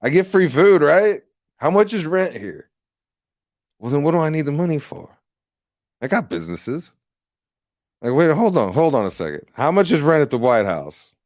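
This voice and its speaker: A man's voice: fairly high pitch, big pitch swings, normal speed, long pauses, darkish tone, no room sound, clean studio sound. A man hosting a livestream, ranting in a rambling, profane and sarcastic casual way. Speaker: livestream host and candidate.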